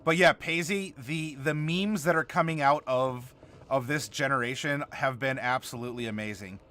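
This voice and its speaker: Chatty man with a bright voice. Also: mid-range voice, moderate pace. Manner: chatty, reads and answers viewer comments. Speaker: host building a game character live. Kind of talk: casual livestream chat.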